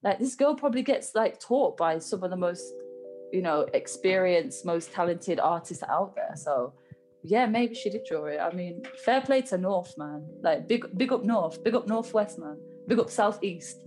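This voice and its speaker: A woman's voice: fairly low pitch, expressive, normal speed, darkish tone. Woman just chatting on a podcast, lots of likes and ums, guitar music behind. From Birmingham area, England. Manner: chatty, laughs often, many fillers. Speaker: podcast co-host. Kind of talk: casual chat.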